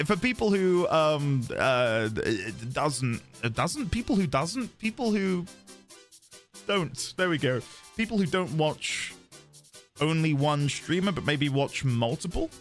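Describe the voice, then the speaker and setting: A British man streaming a video game, chatting casually with his viewers, quick to laugh and self-deprecating. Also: on the high side, fairly bright tone. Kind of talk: casual live-stream chat.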